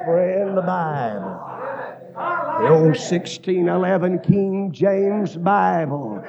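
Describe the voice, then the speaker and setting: Preacher man, high lively voice that swings up into shouts, dull old church tape. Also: takes it slowly, vocal fry, crowd noise. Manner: rhythmic alphabet listing, rising to shouts. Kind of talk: revival sermon.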